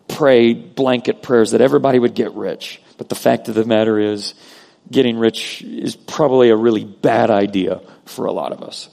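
A man preaching a sermon as pastor, earnest, moving between loud emphasis and hushed prayer. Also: on the low side, gravelly. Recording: long hall reverb.

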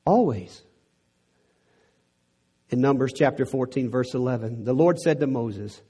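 A man's voice: mid-range voice, unhurried, pauses often, dark tone, husky. A middle-aged man from Texas with a Texan accent, preaching a sermon in an earnest way that builds to emphatic peaks.

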